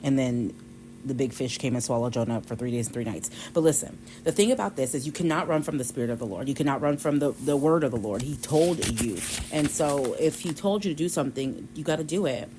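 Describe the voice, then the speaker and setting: A woman's voice: very deep voice, animated, brisk, noisy background. A woman hosting a devotional podcast, retelling a scripture passage in a casual, conversational way. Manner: conversational, retells scripture with quoted voices and light laughs. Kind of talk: casual Bible study talk.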